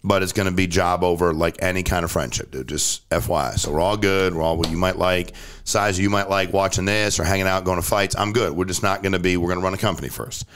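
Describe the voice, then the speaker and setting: A company CEO, appearing as a podcast guest, talks fast with few pauses in a casual storytelling chat. Blunt, direct and animated, he tells stories and pushes his point hard, jumping in pitch for emphasis.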